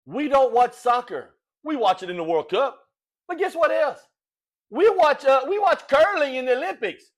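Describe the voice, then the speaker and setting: High-voiced folksy Cajun man ranting. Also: normal speed. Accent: Cajun Louisiana. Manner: folksy, animated, rhetorical, says "all right?" often. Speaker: sports talk host. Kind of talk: opinionated sports talk rant.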